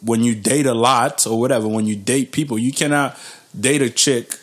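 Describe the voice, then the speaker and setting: A man's voice: mid-range voice, fairly even intonation, moderate pace, slightly rough. Laid-back slangy male podcast host. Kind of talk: casual chat.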